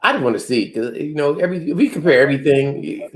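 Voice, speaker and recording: A man's voice: fairly high pitch, big pitch swings, quick pace. A man hosting a casual livestream chat, laid-back and full of "man" and "dude". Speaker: livestream host.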